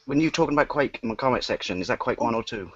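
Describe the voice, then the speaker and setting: A man's voice: medium pitch, expressive, rapid-fire, a crowd in the background. Jokey Englishman on a muffled headset. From England. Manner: jokey, teasing, laughs often. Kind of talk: casual video chat. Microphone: PlayStation headset.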